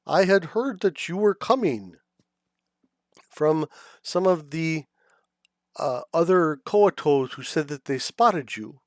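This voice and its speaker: Man putting on a blubbly fish-man elder, higher pitched, slow and drawn out, dry sound. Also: expressive, dry recording. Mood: pleading.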